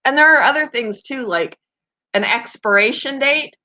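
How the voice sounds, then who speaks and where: A Canadian woman with a Canadian accent hosts a pet channel and chats casually on a live stream, giggling as she answers viewers' comments. Her voice is high, animated and sharp in tone, at normal speed.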